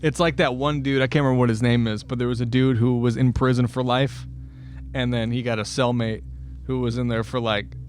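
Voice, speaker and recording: A man's voice: medium pitch, little pitch movement, fairly quick, slight background noise. Profane man on a true-crime podcast. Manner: profane, laughing, acts out quotes. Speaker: podcast co-host.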